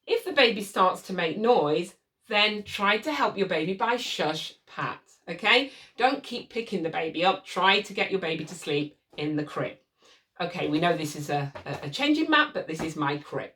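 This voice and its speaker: A woman teaching parents a soothing technique for settling a baby, speaking calmly and patiently and demonstrating soft shushing. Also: fairly low pitch, normal speed. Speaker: baby sleep consultant. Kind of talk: instructional demonstration. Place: room with a changing mat set up as a crib. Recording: voice from a distance from the mic.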